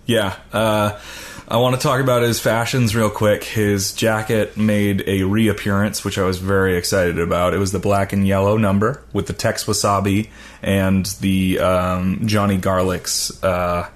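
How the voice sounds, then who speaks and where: A young man talks in a lowish voice, co-hosting a laid-back podcast. He rambles, jokes and fills gaps with ums and uhs. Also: little pitch movement, a little slow. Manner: rambling, joking, filler-heavy. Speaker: podcast co-host. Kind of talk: casual podcast chat.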